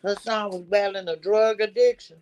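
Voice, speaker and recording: A woman hosting a casual chat, blunt and animated as she gossips. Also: medium pitch, moderate pace, no echo. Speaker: show host.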